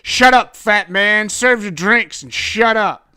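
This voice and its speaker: A man voicing a gruff, threatening male detective who barks his lines loudly and bullies others. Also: medium pitch, fairly even intonation, moderate pace, no room sound, studio quality, lightly acted. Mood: menacing. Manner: loud, barking, bullying.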